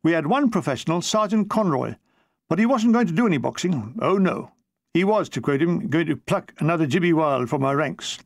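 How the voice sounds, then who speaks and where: Older english guy reading his own comic war memoir, high lively voice, bit gravelly, dry close mic. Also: no room sound. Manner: dry comic delivery, jumping into quick put-on voices.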